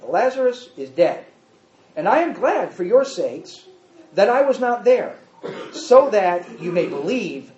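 A man's voice: high voice, warm tone. A man teaching a Bible study, reading scripture aloud and explaining it with emphatic repetition and questions to his listeners. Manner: emphatic, repeats points, quizzes listeners. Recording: dull echoey room recording.

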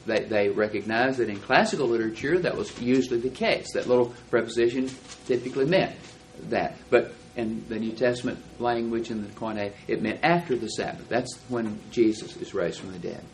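A man teaching a Bible class, explaining verses and reading them out slowly and deliberately. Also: on the low side, low-quality recording.

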